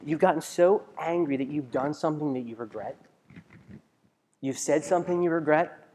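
Speaking at a moderate pace, this man has a somewhat high, mellow voice, with a little hiss or hum on the audio. He's a pastor delivering a conversational sermon, questioning his congregation and often starting his sentences over, all in the lengthy echo of a big hall.

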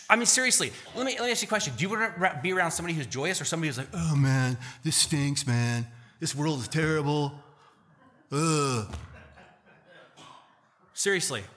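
A male pastor delivers a sermon in a church. His voice is bright and sits a little high, and he swings from fervent, loud emphasis to hushed, earnest stretches. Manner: animated, rising to loud emphatic peaks then dropping to quiet earnest tones.

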